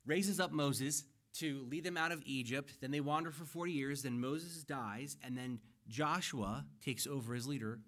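A man's voice: mid-range voice, normal speed, few pauses, fairly bright tone. A middle-aged man preaching a sermon to his church, earnest and conversational, building emphasis as he explains scripture. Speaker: pastor. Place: church sanctuary.

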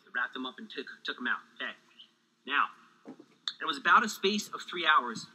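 Bright-voiced animated preaching man. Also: a little high, rough recording. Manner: energetic, animated preaching with asides and jokes. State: sweating, overheated. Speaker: pastor. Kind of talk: sermon.

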